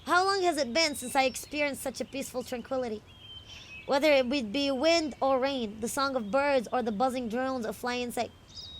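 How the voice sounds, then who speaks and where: Lady doing a tired young guy, dreamy and slow, kinda high voice. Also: a little hiss or hum, natural voice. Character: weary young man savoring a peaceful moment.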